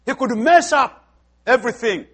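High-voiced visiting pastor preaching emphatically. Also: male voice, lively intonation, moderate pace, breathy edge. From outside the United States. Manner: emphatic preaching, repeats phrases, acts out dialogue. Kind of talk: sermon.

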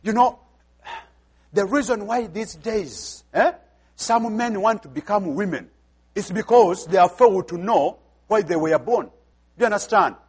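High-voiced visiting pastor preaching emphatically. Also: male voice, animated, unhurried, slightly rough. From outside the United States. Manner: emphatic preaching, repeats phrases, acts out dialogue. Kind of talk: sermon.

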